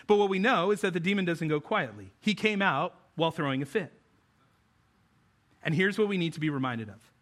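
A man's voice: fairly high pitch, lively intonation, a little fast, fairly bright tone. A male pastor giving a conversational sermon, often asking the congregation questions. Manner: conversational, asks the audience questions.

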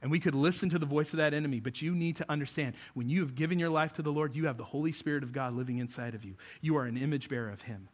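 A man's voice: on the high side, racing, hardly any pauses. A male pastor giving a conversational sermon, often asking the congregation questions. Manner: conversational, asks the audience questions.

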